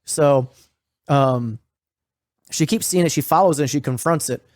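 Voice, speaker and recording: A man's voice: on the high side, a little slow, a little mellow, no room sound, clean studio sound. A man co-hosting a podcast, recapping a horror series in casual, profane, rambling talk full of fillers. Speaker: podcast co-host.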